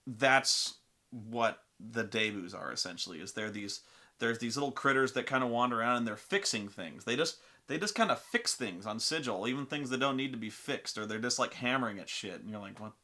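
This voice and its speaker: A man's voice: medium pitch, expressive, a little fast, sharp tone. A man telling a tabletop gaming story in casual, profane, rambling fashion. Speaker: storyteller and host.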